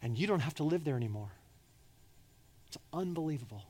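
Impassioned preacher man, slightly high voice. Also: expressive, brisk. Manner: impassioned, swinging between loud urgent pleading and soft hushed delivery; repeats words and restarts when emphatic. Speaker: pastor. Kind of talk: sermon.

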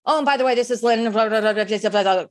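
A chatty saleswoman leaving a rambly sing-song voicemail, pitched up a bit and hesitant, as a woman mimics her. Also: measured pace, natural voice. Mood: rambling.

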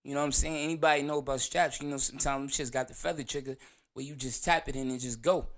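A man hosting his own show, talking through a casual, profane monologue full of slang and animated storytelling. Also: medium pitch, fast. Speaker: show host.

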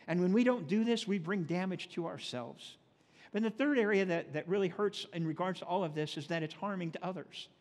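High-voiced male pastor in echoing hall. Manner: reads scripture slowly, then talks plainly with folksy asides. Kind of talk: sermon. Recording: long reverb of a large hall.

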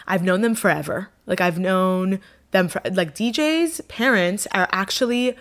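A woman casually telling a personal travel story to camera, chatty and animated, with many fillers. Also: mid-range voice, a little slow. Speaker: vlogger.

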